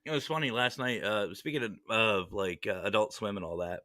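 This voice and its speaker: A man hosting a podcast in casual chat, joking and swearing freely as he tells animated stories. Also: lowish voice, a little fast, no room sound. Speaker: podcast host.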